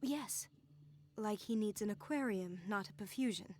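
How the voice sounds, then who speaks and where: A woman's voice: mid-range voice, moderate pace, warm tone, close to an everyday voice. An actress playing a worried female nurse in video game dialogue, speaking in an anxious, questioning way. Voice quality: anxious and inquisitive.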